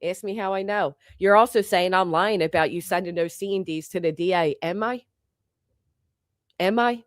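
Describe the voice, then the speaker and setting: A woman with a lowish voice speaks a little fast, with fairly even intonation and hardly any pauses, in a clean studio recording free of echo. As an online commentator, she delivers a heated, sarcastic, profane rant, indignantly peppering it with rhetorical questions.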